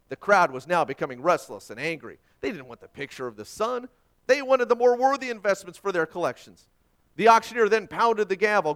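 A preacher telling a story from the pulpit, leaning into dramatic pauses. His voice is high for a man and swings widely in pitch. He builds the tale toward its message. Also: expressive, fairly bright tone. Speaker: pastor. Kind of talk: sermon.

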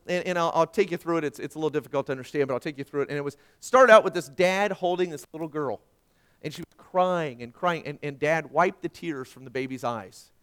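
A middle-aged pastor shares a personal story in a sermon, moving between hushed tones and loud emphasis. His voice sits on the high side and sounds smooth.

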